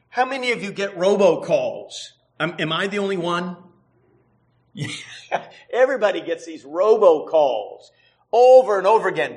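A middle-aged man preaching a sermon as a pastor, telling stories in a lively way with frequent chuckles. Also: sits high. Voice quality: lively storyteller, chuckles often.

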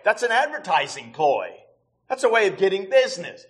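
Brief: middle-aged male preacher, high voice, animated storytelling delivery with chuckles. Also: a little fast. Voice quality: lively storyteller, chuckles often. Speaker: pastor. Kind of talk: sermon.

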